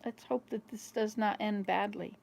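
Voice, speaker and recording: In a creaky, slightly mellow medium-pitched voice with fairly even intonation, a woman in her fifties talks at normal speed. She hosts a vlog, telling chatty, rambling home stories to a small camera amid frequent laughter.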